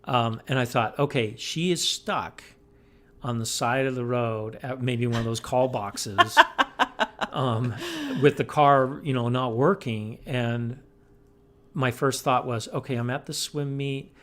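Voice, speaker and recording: A middle-aged man co-hosting a podcast in casual chat, adding relaxed, wry asides. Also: mid-range voice, takes it slowly. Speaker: podcast co-host.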